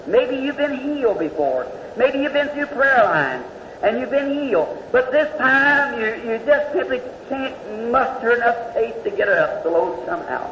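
A man's voice: very high voice, big pitch swings, moderate pace, fairly bright tone. A man preaching a revival sermon in a fervent, exhorting way, recorded in a church hall. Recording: echoey hall, dull lo-fi tape with faint hiss.

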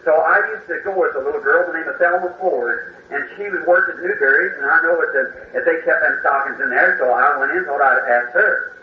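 A man's voice: fairly high pitch, a little fast, few pauses, a little hiss or hum. A middle-aged man preaching, telling a story in a folksy way and acting out the voices he quotes. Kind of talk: sermon storytelling. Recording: old lo-fi echoey recording from a distance.

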